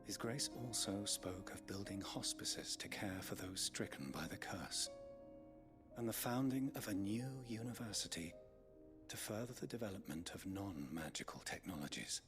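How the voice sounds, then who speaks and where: An actor playing a loyal, courtly scholar-aide in a video game, speaking with formal deference. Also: male voice, deep voice, animated, normal speed. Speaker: game character. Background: game music.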